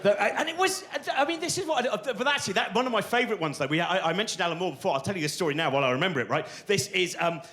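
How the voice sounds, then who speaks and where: A middle-aged English comedian rambles through a stand-up routine, restarting his sentences and running himself down. His voice sits high for a man and leaps all over the place as he tells his stories. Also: racing, hardly any pauses. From England. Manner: rambling, self-deprecating, animated, restarts often.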